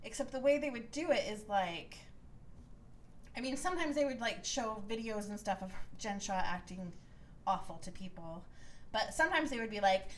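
A woman co-hosting a podcast, casually recapping a reality show and telling the story with lively, acted-out quotes. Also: mid-range voice, moderate pace, slight background noise, rough recording. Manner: animated storytelling, acts out quotes in raised voices. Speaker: podcast co-host.

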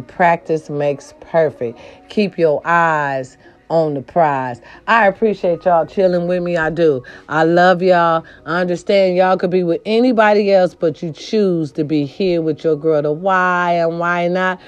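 A woman's voice: mid-range voice, a little mellow. A woman from the United States, a vlogger talking straight to her viewers in a casual, profane rant full of emphatic outbursts and preachy advice. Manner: preachy advice-giving, addressing the audience directly. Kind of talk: casual ranting monologue.

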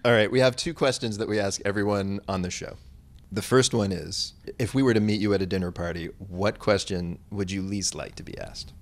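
A man's voice: fairly low pitch, steady tone, brisk. A man hosting an interview show who asks questions and makes wry jokes. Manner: wry, joking. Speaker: radio show host.

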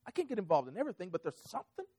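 A man preaching a sermon, telling a personal story in an animated, conversational way. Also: high-pitched, racing, breathy edge. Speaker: pastor.

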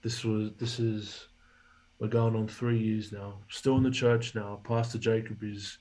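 Husky man telling a story. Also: fairly low pitch, measured pace, low-quality recording. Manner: animated storyteller, acts out quoted dialogue. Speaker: podcast guest, former rugby league player. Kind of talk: casual storytelling in an interview.

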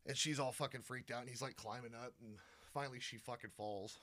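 A man hosting a podcast, casually recapping a movie plot and cursing freely as he goes. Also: medium pitch. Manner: profane, animated retelling with quick impressions of characters. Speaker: podcast host.

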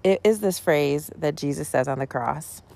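Low, gravelly-voiced woman pastor musing casually. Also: lively intonation, moderate pace, a little mellow. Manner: rambling and conversational, with frequent ums and asides. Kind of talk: casual spoken reflection on a sermon.

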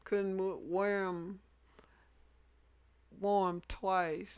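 A woman's voice: medium pitch, flat delivery, extremely slow. A middle-aged woman teasingly chatting about her son's childhood. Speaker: the storyteller's mother. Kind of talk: casual chat.

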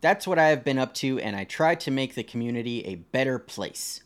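Lively young man reading posts aloud. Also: mid-range voice, brisk. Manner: animated, swears freely, laughs and jokes about the posts. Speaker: podcast co-host. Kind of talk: casual podcast reading and reacting to online posts.

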